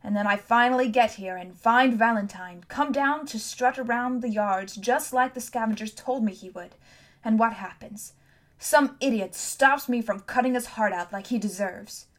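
A woman's voice: fairly high pitch, normal speed, natural voice. A fierce scarred teenage girl in a storybook reading, as a woman narrator puts her on. She speaks curtly and bluntly, with open bitterness and scorn. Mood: bitter.

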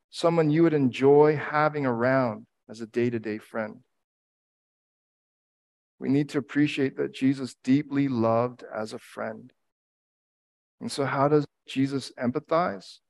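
Grieving middle-aged man preaching earnestly. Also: fairly high pitch. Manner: earnest, reflective preaching with emphatic repetition. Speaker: pastor. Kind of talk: sermon.

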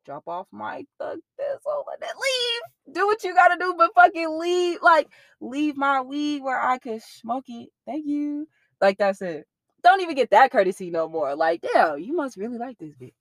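Young woman, interviewee, candid and profane, animated delivery, dry close sound. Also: sits high, normal speed, dry recording. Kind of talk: candid personal storytelling.

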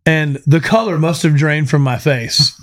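Male podcast host with a raised pitch, a casual and profane storyteller. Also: measured pace. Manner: profane, animated storyteller who laughs often.

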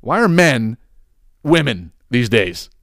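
A man's voice: mid-range voice, very animated, slow pace, gravelly, a bit bright, no echo, clean studio sound. Profane ranting male podcast host. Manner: profane, ranting, repeats words. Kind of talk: casual podcast rant.

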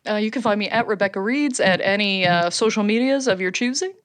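Woman, podcast co-host, stand-up comic, casual storytelling, laughs a lot, swears, middle pitch. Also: fairly quick. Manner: animated, swears freely, laughs often.

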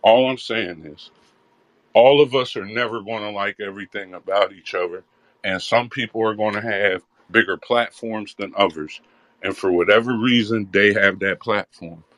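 A man holds the floor in an online audio room, talking earnestly in a repeating, preaching rhythm. His voice sits low, and the sound is dry and close with no room around it. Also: steady tone, normal speed, a bit bright, no echo. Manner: earnest, repetitive, preaching cadence. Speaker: speaker in a live audio room. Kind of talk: impassioned conversational address.

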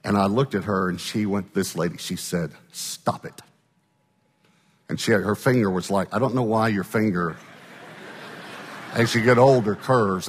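A man's voice: lowish voice, big-room sound, a little hiss or hum. A male pastor telling a story in a sermon, talking conversationally and often checking in with his listeners.

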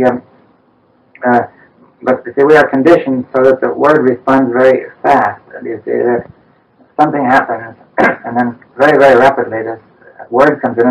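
A man in a philosophical dialogue who explains slowly and haltingly, often restarting and adding "you see". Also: mid-range voice, distant mic, rough recording.

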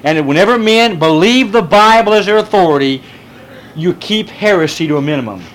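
A man's voice: high-pitched, expressive, brisk, a bit bright. A middle-aged man teaching a Bible study as pastor, pressing his listeners with rhetorical questions and taking questions from them. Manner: emphatic, fond of rhetorical questions. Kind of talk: preaching lecture with questions from the audience.

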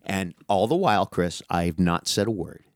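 A middle-aged man with a fairly low voice spins an animated, salty story, tossing in "dude" as he goes. The sound is dry and close, with no room around it. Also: normal speed, dry recording. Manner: animated, profane, calls listener dude. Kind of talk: casual storytelling chat.

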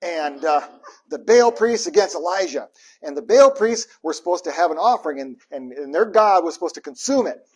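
A man preaching a sermon, telling scripture stories in a lively way with quoted voices and humorous asides. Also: fairly high pitch, normal speed, slightly rough. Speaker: pastor.

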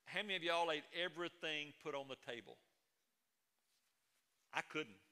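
A man's voice: a little high, moderate pace, sharp tone, in a large hall. A middle-aged man preaching a sermon as a pastor, moving between folksy stories and emphatic proclamation.

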